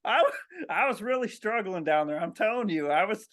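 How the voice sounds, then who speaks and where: A man plays a bumbling Southern crab counter stuck in a submarine. He talks in an earnest drawl, pitched high. He is anxious to prove he did the work. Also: expressive, normal speed, fairly bright tone. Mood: sheepish.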